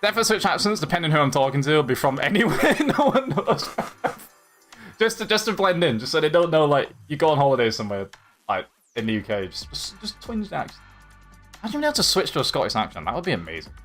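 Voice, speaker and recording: A chatty young man with a light Yorkshire accent rambles through a casual live stream. His pitch sits a little high and swings in lively jumps, and he laughs easily as he reads out chat, with faint music playing behind him. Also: quick pace. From Yorkshire, England. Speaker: livestream host.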